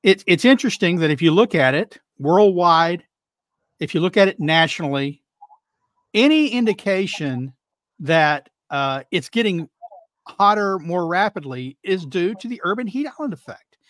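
Rambling, animated man on a panel. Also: high voice, normal speed, no echo. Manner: rambling, animated, restarts often. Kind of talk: panel discussion commentary.

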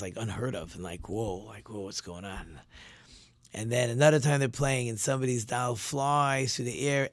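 A rabbi hosts his show and tells a moral tale in an animated way, often stumbling and restarting. His voice sits at a middling pitch for a man. The recording is dry and close. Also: no room sound. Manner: animated storyteller with frequent restarts. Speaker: rabbi and radio show host. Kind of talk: storytelling sermon on a talk show.

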